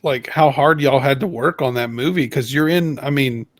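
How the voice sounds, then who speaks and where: A man's voice: mid-range voice, normal speed, dry recording. A man co-hosting a podcast, telling casual stories and mimicking people's voices when he quotes them. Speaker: podcast co-host. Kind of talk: casual chat.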